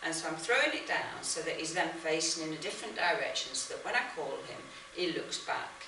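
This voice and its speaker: A woman dog trainer calmly explaining how to teach a dog to come when called. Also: brisk. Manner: calm explaining, breaking into high excited praise for the dog. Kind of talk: instructional demonstration. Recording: echoey, distant mic with background noise.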